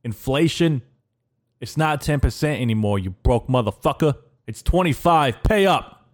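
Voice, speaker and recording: A man's voice: mid-range voice, lively intonation, normal speed, voice pushed up, lightly acted. Man putting on a pushy New Jersey mobster. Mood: demanding. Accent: New Jersey Italian-American. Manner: shouting, bullying. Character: pushy Italian mobster Jesus, man, demanding money.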